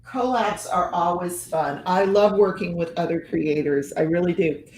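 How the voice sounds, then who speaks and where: A woman's voice: lowish voice, normal speed, a little mellow, reverberant, a little hiss or hum, rough recording. An older woman hosting a casual livestream chat, laughing often and reading viewer comments aloud. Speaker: host of a diamond painting live show. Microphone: headphones and computer mic, video call.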